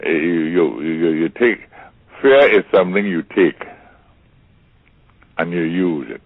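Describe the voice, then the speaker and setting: A man's voice: low voice, expressive, slow pace, dry recording. An older man from Trinidad, a guest telling stories in a theatrical way, repeating words and acting out the voices of people he quotes. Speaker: interview guest. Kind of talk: storytelling conversation. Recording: tinny phone-like line, dry.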